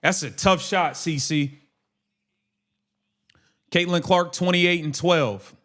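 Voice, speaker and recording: Male streamer, slightly high voice, heated slangy play-by-play and rants. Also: takes it slowly, fairly bright tone. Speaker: live stream host. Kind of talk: casual live watch-along commentary.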